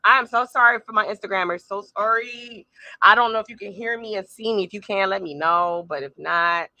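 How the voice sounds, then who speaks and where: A middle-aged woman hosting a live-streamed motivational talk from a small room at home, animated and speaking straight to her audience with frequent asides. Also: medium pitch, a little fast, no room sound. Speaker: podcast host. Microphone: phone or camera on a tripod.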